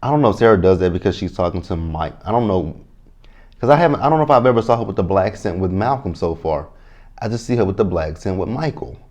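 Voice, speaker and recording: Deep-voiced male vlogger, blunt and swearing, casual show-recap commentary. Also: animated, quick pace, a little mellow, dull audio. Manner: blunt, profane, chatty. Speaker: TV reality show reviewer.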